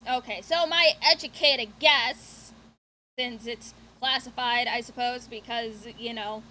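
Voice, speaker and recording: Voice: mid-range voice, fairly even intonation, slow pace, pushed and bright, slight background noise. A streamer chatting casually, thinking aloud and hesitating with fillers. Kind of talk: casual chat.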